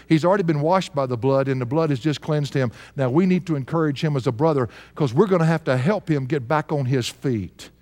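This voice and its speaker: A man's voice: fairly high pitch, a little mellow. A man in his sixties preaching a sermon, telling a story and chuckling now and then with earnest emphasis. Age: 60s. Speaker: pastor. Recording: long hall reverb.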